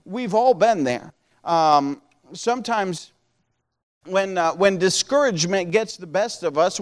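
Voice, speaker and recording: A man's voice: high-pitched, long reverb tail. A man preaching a sermon as a pastor, in a conversational style with frequent restarts.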